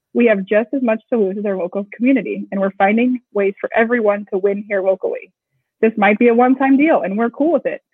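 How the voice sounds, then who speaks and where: A woman co-founder of a screen printing shop, talking briskly and casually in an interview, with joking asides. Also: a little high, breathy edge, dry recording. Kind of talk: casual explanatory interview talk. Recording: tinny phone-like audio, dry.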